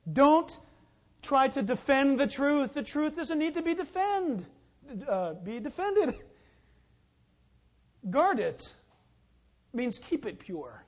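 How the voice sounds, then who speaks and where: A man, a pastor preaching a sermon who tells stories and calls out loudly at the exciting moments. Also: extremely high pitch, slow, long pauses. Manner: storytelling, shouting and calling out when excited.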